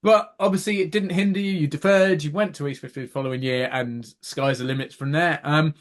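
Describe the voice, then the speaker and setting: A man's voice: fairly high pitch, steady tone, a little fast. A man hosting a podcast, chatting effusively with small stumbles over words. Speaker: podcast host. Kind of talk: casual chat.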